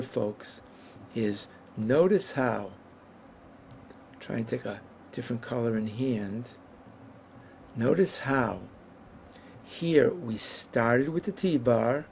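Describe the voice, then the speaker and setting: A man teaching a Hebrew lesson at a whiteboard, explaining patiently and saying each Hebrew word slowly and carefully. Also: mid-range voice, creaky, a little mellow, a little hiss or hum.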